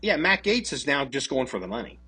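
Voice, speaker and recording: Man, podcast co-host, casual political chat, profane, lively intonation, husky voice. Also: mid-range voice, fairly quick. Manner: profane, animated, mocking voices of others.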